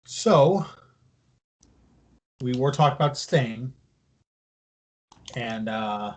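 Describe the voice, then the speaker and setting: A man's voice: mid-range voice, animated, drawn-out words, a little mellow. A man co-hosting a casual wrestling podcast, explaining news at length in a loose, profane way. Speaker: podcast co-host.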